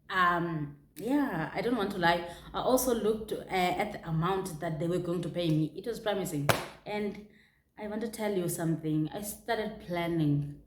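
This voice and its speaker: Young south african woman rambling through a personal story, lively, trips over her words, recorded in a roomy echoey space. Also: medium pitch. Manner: candid and animated, with restarts, laughs and local exclamations. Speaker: vlogger. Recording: echoey room.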